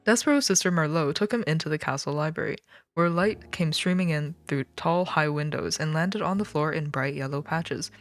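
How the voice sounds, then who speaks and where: A woman's voice: low voice, normal speed. A woman streamer reading a children's book aloud, breaking off for joking, swearing asides.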